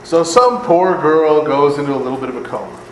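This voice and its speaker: A man's voice: on the high side, lively intonation, fairly quick. A man, a priest, leading a Bible study lecture in a conversational way, often asking "right?", laughing and adding sarcastic asides. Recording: echoey room, long reverb, faint air conditioning hum.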